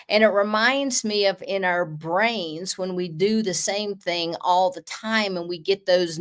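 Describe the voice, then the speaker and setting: Laughing woman guest, chatty. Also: mid-range voice. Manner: laughs often while telling anecdotes. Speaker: spiritual guest. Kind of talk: casual interview chat.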